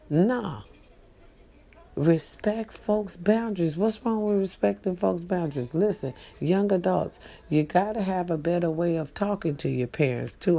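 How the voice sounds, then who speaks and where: Woman, gravelly, dark-toned, blunt profane vlogger. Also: fairly low pitch. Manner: profane, blunt, animated preaching. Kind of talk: casual advice rant to viewers.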